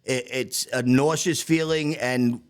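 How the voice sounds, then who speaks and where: A man from Staten Island, a chef and podcast co-host, telling kitchen stories in a profane, laughing, animated way. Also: mid-range voice, slow, clear, resonant tone. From Staten Island, New York. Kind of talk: casual podcast chat.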